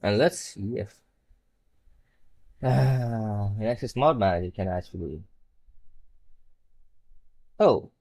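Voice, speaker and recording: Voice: medium pitch, takes it slowly, pauses often, a little mellow. A young adult streamer muttering casual, profane, sarcastic commentary while fighting with a computer setup.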